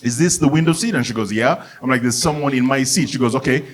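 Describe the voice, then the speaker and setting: A young man from Uganda doing a stand-up comedy set, telling a lively story and acting out the people in it. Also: medium pitch, fast. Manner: animated storytelling, acts out characters, bursts of excitement. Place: comedy venue with live audience.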